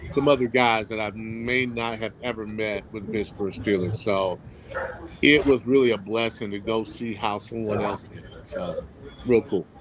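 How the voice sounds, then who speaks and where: A man's voice: lowish voice, fairly even intonation, moderate pace, crowd noise, poor audio. A man, a former professional football player, telling stories in a casual interview, acting out the voices of people he quotes and laughing often.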